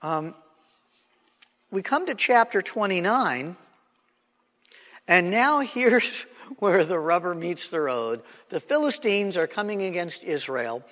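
Bible teacher in a reverberant hall. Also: male voice, high voice, expressive, slow pace, pauses often, sharp tone. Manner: checks in with the class, frequent "right?".

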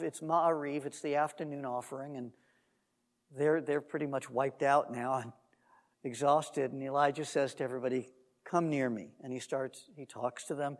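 High-pitched guy preaching a bible lesson, animated storyteller, big hall echo. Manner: animated storytelling, acts out quotes; undogmatic, conversational asides. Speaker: Messianic teacher. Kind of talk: Bible teaching sermon. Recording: long hall reverb.

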